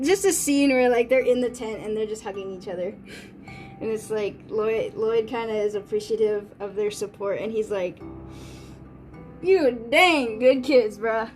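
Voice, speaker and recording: A woman's voice: a little high, darkish tone. A woman streaming as an artist, chatting casually and rambling with many fillers and restarts. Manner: rambling, full of fillers and restarts, quick quoted voices. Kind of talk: casual livestream chat.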